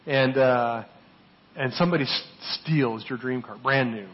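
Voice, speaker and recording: Man preaching a sermon, lo-fi audio. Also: unhurried. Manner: rhetorical, often asks "right?", swings from loud emphasis to soft low asides. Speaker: pastor.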